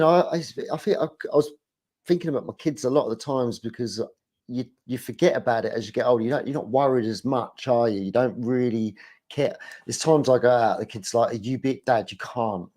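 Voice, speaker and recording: A middle-aged man chats loosely on a livestream. His voice is warm and mellow, and his talk rambles with frequent laughs and self-mocking asides. He sits at an ordinary middle pitch. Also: fairly quick. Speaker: guest. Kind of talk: casual chat on a livestream.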